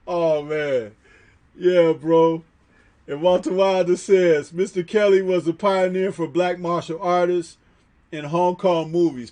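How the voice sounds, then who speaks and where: A man's voice: a little high, a little mellow. A man hosting a livestream, reading chat aloud and reminiscing in slangy casual talk, laughing often.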